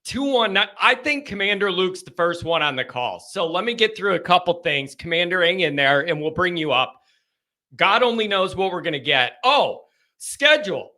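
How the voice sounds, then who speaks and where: A man's voice: high voice, very animated, moderate pace, pushed and bright. A man hosting a live fan call-in stream, chatting casually, joking and rambling as he greets viewers by name.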